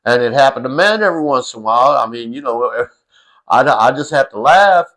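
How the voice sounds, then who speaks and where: A man's voice: medium pitch, animated, fairly quick, fairly bright tone. A middle-aged man telling a funny family story in a loose, rambling way, with plenty of fillers and the odd curse. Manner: rambling, full of fillers and restarts, salty. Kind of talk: casual storytelling.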